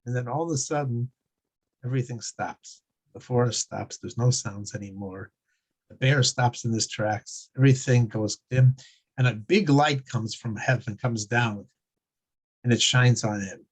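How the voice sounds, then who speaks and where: A man teaching a Torah class, telling stories in a halting way with many restarts and frequent chuckles. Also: mid-range voice, breathy edge. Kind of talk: religious class with storytelling.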